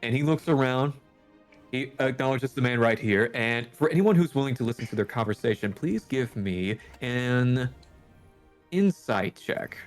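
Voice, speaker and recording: A man's voice: medium pitch, lively intonation, moderate pace, faint music behind. A man running a tabletop game. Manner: descriptive, calling for rolls. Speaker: game master.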